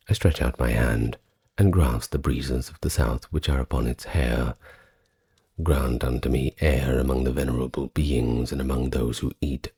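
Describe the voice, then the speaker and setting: A man with an extremely deep, gravelly voice recites ancient scripture slowly and solemnly. His soft-spoken ASMR delivery is breathy and husky. Each archaic line is measured out with care. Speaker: ASMR narrator reading ancient texts.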